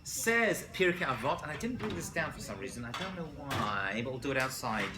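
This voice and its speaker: A man teaching a college class as a rabbi, lively and quizzing his students, correcting himself as he goes. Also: medium pitch, brisk, background noise. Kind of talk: classroom lecture. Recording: roomy classroom picked up from a distance.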